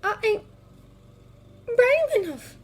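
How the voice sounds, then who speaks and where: A woman voicing a frightened but brave young girl who talks in a high, breathless, urgent voice. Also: very animated, takes it slowly, slight background noise, heavily acted. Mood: hesitant.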